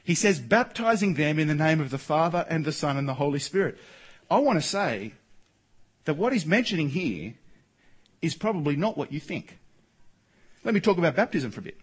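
A man's voice: on the high side, big pitch swings, normal speed, pauses often, slightly rough, rough recording. A man preaching a sermon as a pastor, earnest and emphatic, with rhetorical questions. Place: church.

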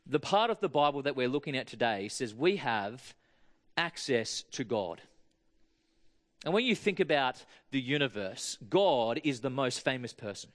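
A man giving a sermon, chatting and joking with his congregation. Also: on the high side. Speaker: preacher. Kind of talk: sermon with audience interaction.

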